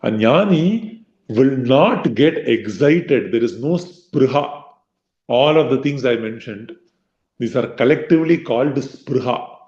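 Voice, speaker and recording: A man's voice: mid-range voice, lively intonation, unhurried, darkish tone. A man giving a devotional scripture lecture in a conversational way, acting out inner voices with many fillers. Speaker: devotional speaker. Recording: roomy, slightly dull recording.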